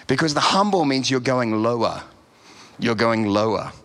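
A man's voice: mid-range voice, expressive, normal speed, fairly bright tone. A man preaching a sermon as a pastor, emphatic and repeating his key phrases.

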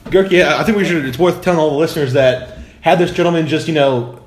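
A man's voice: on the high side, fast talker. A young man co-hosting a casual podcast, joking loosely and steering the talk to the next topic. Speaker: podcast co-host.

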